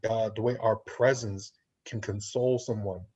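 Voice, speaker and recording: A man's voice: fairly low pitch, steady tone, moderate pace, darkish tone, husky. A man co-hosting a casual panel chat, talking in a reflective, philosophical way. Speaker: podcast co-host. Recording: lo-fi online call audio.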